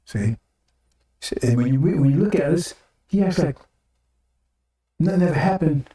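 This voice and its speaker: A man's voice: a little high, expressive, a little slow, mellow. An older man giving an informal sermon broadcast, talking rhetorically, repeating phrases and tagging on "right?" and "see?". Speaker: preacher. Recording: echoey room, mic at a distance.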